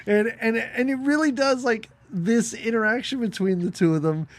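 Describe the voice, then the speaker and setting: A woman's voice: on the high side, normal speed, no echo. Woman cohost on a movie podcast, snarky and giggly, just chatting. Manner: sarcastic, laughs often, acts out characters' lines. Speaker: podcast co-host. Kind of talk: casual movie podcast chat.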